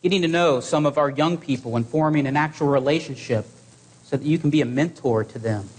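A man preaching a sermon to his congregation in an earnest, exhorting way, with measured pauses. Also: on the high side, darkish tone, slight background noise.

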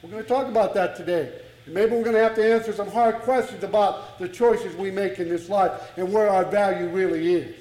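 A male preacher with a notably high voice delivers a sermon. He speaks slowly and deliberately, stacking repeated phrases for emphasis. The room is echoey, like a church sanctuary. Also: a little mellow.

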